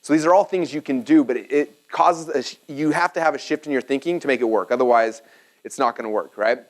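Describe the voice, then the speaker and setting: A man's voice: mid-range voice, fast talker. A man in his thirties giving a live seminar talk to a room, casual and full of "like" and restarts. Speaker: seminar presenter.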